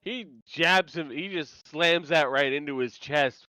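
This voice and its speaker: Smooth, bright man with wry recap jokes. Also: on the high side, unhurried, dry recording. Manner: wry, riffs on jokes, laughs along. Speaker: podcast co-host. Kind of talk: casual episode recap chat.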